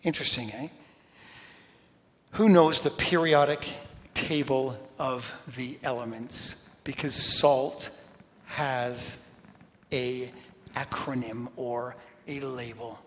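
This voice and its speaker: A man preaching a sermon, telling animated stories, talking straight to the congregation and dropping to a whisper for emphasis. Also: mid-range voice, takes it slowly, long pauses, a little hiss or hum. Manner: animated storytelling, talks to the congregation directly. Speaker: pastor. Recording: long reverb in a large hall.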